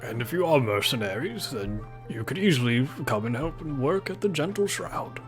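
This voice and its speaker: Playful man with lively pitch. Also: moderate pace. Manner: joking, playful. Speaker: player. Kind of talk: tabletop role-play, in character. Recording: music playing behind.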